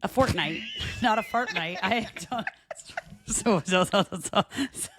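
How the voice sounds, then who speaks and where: A woman's voice: medium pitch, takes it slowly, a bit bright, no echo. A woman co-hosting a casual podcast, trading jokey banter and laughing at her own puns. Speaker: podcast co-host. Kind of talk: casual chat.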